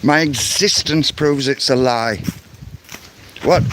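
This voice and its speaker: A man's voice: on the high side, takes it slowly, pauses often, noisy background. A man giving an angry, insistent vlog rant, often repeating words as he goes. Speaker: vlogger. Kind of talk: ranting vlog monologue.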